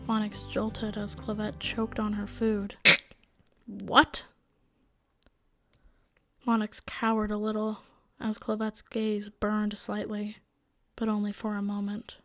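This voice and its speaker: A woman narrating a story in a steady, measured way. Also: medium pitch. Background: faint music.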